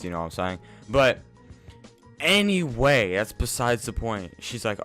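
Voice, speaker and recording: A man's voice: lowish voice, expressive, moderate pace, a bit bright. A young man telling a casual, profane, self-mocking story to his viewers. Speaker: vlogger. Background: faint instrumental music.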